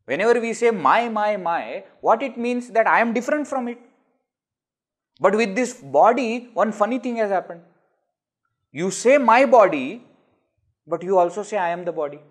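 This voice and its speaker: A man's voice: sits high, animated, normal speed, pauses often. A man with an Indian English accent giving a scripture discourse, explaining with rhetorical questions and everyday examples. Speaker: spiritual teacher.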